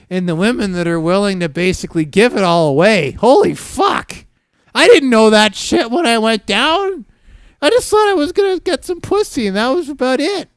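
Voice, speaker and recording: Lively, profane Canadian man streaming. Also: high voice, clear, resonant tone, no echo, clean studio sound. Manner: profane, rambling, laughs often. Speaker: livestream host. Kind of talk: casual livestream chat.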